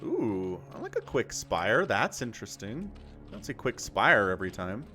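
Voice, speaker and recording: A man's voice: on the low side, very animated, moderate pace, pushed and bright, soft background music. A man casting a strategy game live, chatty and laughing easily as he talks to his chat. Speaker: game caster, channel host. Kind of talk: casual live game commentary.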